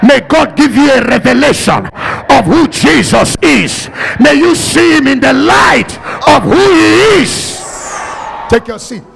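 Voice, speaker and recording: A man with a Nigerian accent preaching a sermon, often breaking into loud shouts as he acts out Bible scenes. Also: very high voice, big pitch swings, measured pace, vocal fry. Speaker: pastor.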